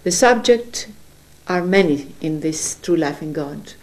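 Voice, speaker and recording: A woman giving an earnest, gentle spiritual testimony at her home, sometimes searching for words as she speaks. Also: low voice, animated, unhurried. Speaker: religious speaker. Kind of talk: personal spiritual testimony to camera.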